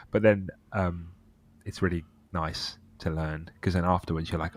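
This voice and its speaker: A man's voice: low voice, moderate pace. A man with a British accent chatting on a podcast, telling personal stories and laughing often. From Britain. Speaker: podcast co-host. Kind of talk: casual podcast chat.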